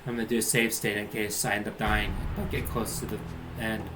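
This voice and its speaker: A man's voice: on the low side, flat delivery, a little fast, noisy background. A man streaming a video game, chatting casually and reading its dialogue aloud in voices. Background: game music.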